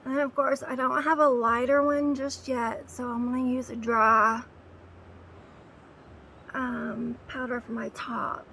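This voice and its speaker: A woman with a high, gravelly voice talks through a quick makeup look while sitting on her bed. Her chat is casual and is broken by quiet soothing words to a nervous dog. It is recorded on a phone, with a faint hiss underneath. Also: little pitch movement, poor audio. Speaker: makeup vlogger. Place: indoors at home, sitting on a bed.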